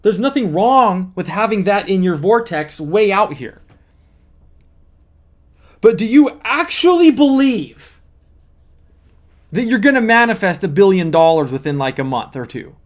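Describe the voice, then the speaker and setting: High-voiced man coaching on manifesting. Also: lively intonation, normal speed, few pauses. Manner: earnest, explaining step by step with repeated emphasis. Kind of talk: motivational teaching monologue.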